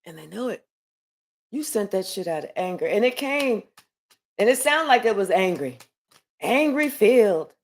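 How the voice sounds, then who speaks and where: A woman's voice: mid-range voice, big pitch swings, normal speed, pauses often. Chatty, rambling woman tarot reader. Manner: rambling, chatty, swears freely. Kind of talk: casual live reading.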